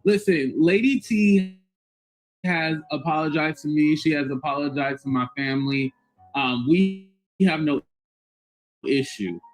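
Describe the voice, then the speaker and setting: A man's voice: fairly high pitch, a little slow. A man co-hosting a livestream commentary, who laughs often and mimics other people.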